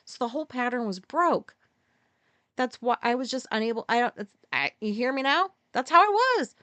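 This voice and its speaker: A woman's voice: a bit bright, no room sound. Candid, profane woman telling a story. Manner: halting, profane, with restarts and sudden pitch jumps. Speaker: podcast host.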